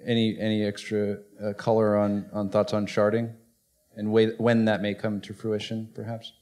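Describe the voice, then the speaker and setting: A man moderating a conference panel, with brief, relaxed questions. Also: on the low side, moderate pace.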